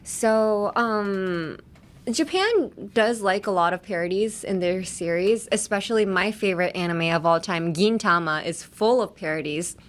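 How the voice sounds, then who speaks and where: A woman's voice: medium pitch, measured pace. A young woman hosting a casual podcast lesson, chatty, laughing often and explaining pronunciation step by step. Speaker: podcast host and English teacher.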